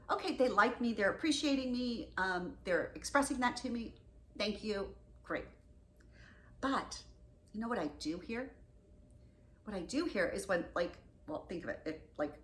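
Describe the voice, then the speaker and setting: A woman giving candid relationship advice straight to camera, with loud bursts of emphasis and soft, dropped asides. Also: fairly high pitch, roomy sound, slight background noise. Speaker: relationship coach. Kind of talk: direct-to-camera advice talk.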